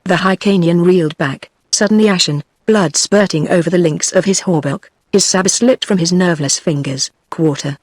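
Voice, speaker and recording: A text-to-speech voice of a woman with a British English accent, reading an audiobook in a steady, even delivery. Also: fairly low pitch, moderate pace, few pauses, dry recording, studio quality. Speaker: audiobook narrator. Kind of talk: synthetic audiobook narration.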